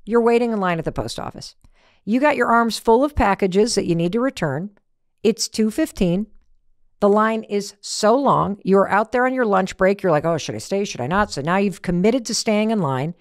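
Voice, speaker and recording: A woman hosting a podcast, giving a lively, emphatic motivational talk full of rhetorical questions and acted-out asides. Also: medium pitch, normal speed, dry recording, studio quality. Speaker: podcast host.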